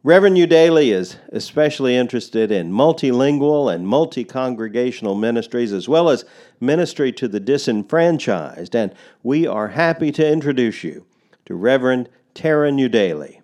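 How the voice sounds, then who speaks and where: A man's voice: medium pitch, lively intonation, normal speed, a little mellow. A man acting as host, giving a formal introduction to a guest preacher.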